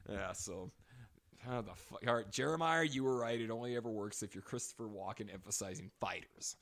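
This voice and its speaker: A man with a gravelly, fairly low voice co-hosts a podcast, talking briskly in a casual chat. His storytelling is animated and full of swearing, broken up by frequent laughter.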